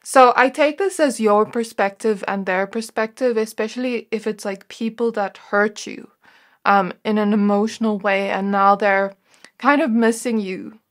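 A woman reads tarot cards for her viewers and talks softly through what she senses. Her voice sits at a middle pitch and her tone is gentle and reflective. She muses along in a loose way, with plenty of "like" and "you know". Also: fairly even intonation, normal speed. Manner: gentle, reflective, musing with frequent "like". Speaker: tarot reader. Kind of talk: intuitive tarot reading to camera.

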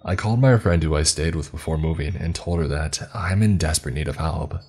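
Very deep husky male horror narrator. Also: fairly quick, darkish tone. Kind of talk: scripted horror story narration. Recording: faint music behind.

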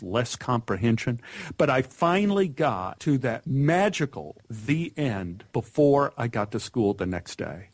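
A man's voice: fairly low pitch, no echo. A man in his sixties, a guest actor telling a childhood story in a radio interview, acting out the voices of the people in it. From United States.

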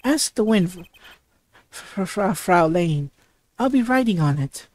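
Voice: mid-range voice, lively intonation, measured pace, no room sound, lightly acted. A reader doing a suave flirtatious rock-star prosecutor. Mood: flirting. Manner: suave, heavy stammering while reading.

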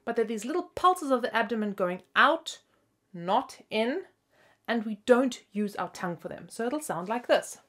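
A woman's voice: a little high, animated, normal speed, a bit bright. A young woman with hiccups hosting a bubbly flute lesson video and laughing at herself, with flute playing between her phrases. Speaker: flute teacher and host.

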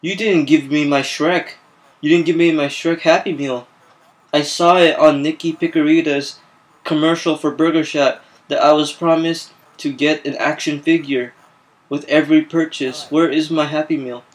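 A man's voice: a little high, fairly even intonation, normal speed, lightly acted, poor audio. A man voicing a hot-tempered, whiny police officer in a game video, stammering, making demands and panicking easily. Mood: casual. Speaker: machinima voice actor. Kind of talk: improvised game machinima.

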